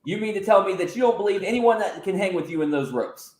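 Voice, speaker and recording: A man's voice: high voice, expressive, fast, voice pushed up. A man voicing a veteran male wrestling interviewer with a polite, formal manner. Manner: formal, announcer-like. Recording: roomy echo.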